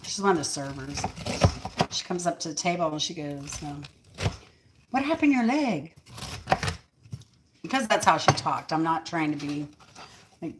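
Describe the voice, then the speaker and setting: A deep-voiced woman, heard over background noise, rambles through stories at home in her kitchen. As a cooking vlog host, she keeps it casual, filling her talk with fillers and laughing often.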